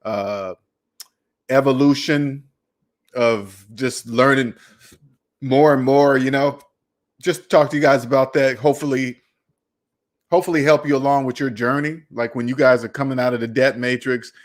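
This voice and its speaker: A man hosting a casual talk about debt, laid-back and slow, tagging "man" onto his sentences. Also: mid-range voice, steady tone. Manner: laid-back, says "man" often, wraps up slowly. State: hiccuping. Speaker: host. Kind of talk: casual chat.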